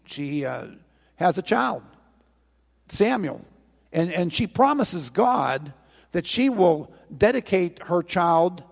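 Earnest preacher in an echoing hall. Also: male voice, high-pitched, vocal fry. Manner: earnest, pleading, retells scripture with quoted voices. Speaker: pastor. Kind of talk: sermon. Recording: long reverb of a large hall.

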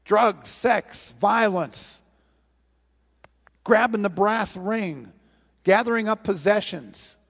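A pastor with a high-sitting, fairly bright voice preaches slowly in a church, leaving long pauses. Earnest and pleading, he retells a scripture story and urges listeners to act, his words carried by the long reverb of a large hall.

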